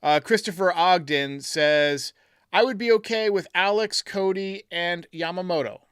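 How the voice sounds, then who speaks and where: A man's voice: high-pitched, measured pace, a bit bright, smooth, dry recording, studio quality. A man hosting a live stream, chatting casually and reading out viewer comments as he thinks aloud. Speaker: podcast host reading live chat.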